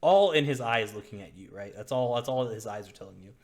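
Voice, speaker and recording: A man's voice: mid-range voice, lively intonation, a little fast. A man narrating as game master of a tabletop game in a laid-back, rambling way.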